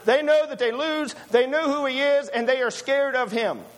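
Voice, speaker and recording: A man's voice: very high voice, moderate pace. A man preaching a sermon, emphatic and full of rhetorical questions to his listeners.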